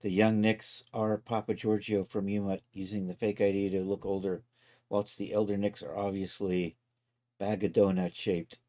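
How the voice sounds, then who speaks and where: A man casually talking himself through each step of a software task on a live stream, loose and self-mocking. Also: lowish voice, little pitch movement, normal speed. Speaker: livestreaming 3D content creator.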